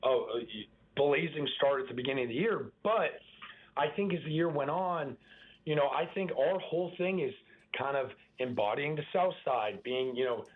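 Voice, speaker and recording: A young man from the Boston area, a baseball pitcher, chatting casually as a guest with lots of fillers and restarts. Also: animated, moderate pace, breathy edge. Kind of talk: casual interview on a phone line. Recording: tinny phone line.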